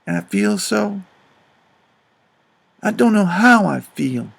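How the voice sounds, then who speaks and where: Guy doing a gravelly grieving dad with a drawl, high-ish voice, busts out loud sometimes. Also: very animated, takes it slowly, full character voice. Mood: anguished. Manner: drawling, swells to loud outbursts. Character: grieving remorseful grown father, rough and tender. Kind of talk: audiobook character reading.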